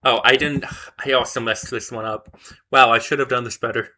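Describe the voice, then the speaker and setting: A man's voice: mid-range voice, fairly even intonation, normal speed, bright, forceful tone. A man thinking aloud as he studies flashcards, muttering, correcting himself and repeating words over and over to memorize them. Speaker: vlogger learning a language. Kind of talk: casual thinking aloud while studying flashcards.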